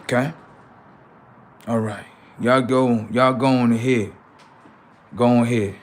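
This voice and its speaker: A man's voice: mid-range voice, steady tone, takes it slowly, slight background noise. A man hosting a livestream, delivering a heated, profane and confrontational political rant that taunts his listeners. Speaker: livestream host.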